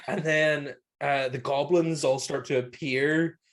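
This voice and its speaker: A man's voice: a little high, steady tone, slow pace. A man with a Northern Irish accent co-hosting a casual horror film review, rambling and swearing freely as he retells scenes. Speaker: podcast co-host.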